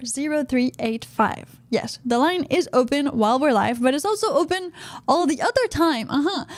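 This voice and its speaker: Woman podcast host, high voice, dry studio sound, chatty with lots of uh-huhs. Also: a little mellow, no echo. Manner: chatty, frequent "uh-huh" affirmations. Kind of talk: casual podcast chat. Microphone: studio podcast mic.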